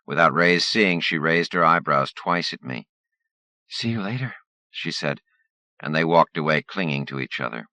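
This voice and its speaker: A man narrating a first-person short story for an audiobook in a lively, expressive way. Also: rumbling low, moderate pace, no echo.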